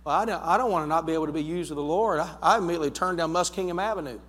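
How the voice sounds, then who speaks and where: A male pastor with an Ohio accent, preaching a fervent storytelling sermon that builds toward shouting. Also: on the high side, very fast. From United States. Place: church sanctuary. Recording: long church hall reverb.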